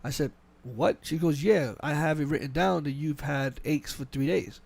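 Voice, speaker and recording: A man hosting a casual podcast, telling a work story quickly and animatedly, with many restarts and quoted back-and-forth dialogue. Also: a little high, vocal fry, darkish tone, no room sound. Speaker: podcast host. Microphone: podcast mic.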